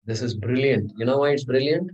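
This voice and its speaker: This classroom lecture features a man's brisk, slightly mellow mid-range voice, captured on a muffled recording. Teaching scripture, he works through the material step by step, regularly asking "okay?" and posing rhetorical questions to his students.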